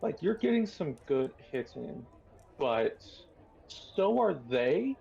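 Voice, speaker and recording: A man with a gravelly, husky voice narrating a tabletop game as game master, unhurried and descriptive. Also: a little high, big pitch swings, warm tone, lo-fi sound. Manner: unhurried, descriptive, many fillers.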